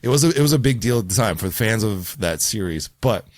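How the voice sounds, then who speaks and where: Deep-voiced man, dry close sound. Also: lively intonation, quick pace, darkish tone, dry recording. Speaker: podcast co-host. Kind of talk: casual film discussion.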